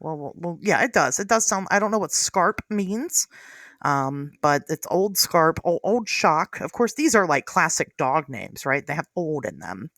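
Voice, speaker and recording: A podcast host from the United States talking in lively casual chat, laughing often. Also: mid-range voice, a little slow, dry recording, clean studio sound.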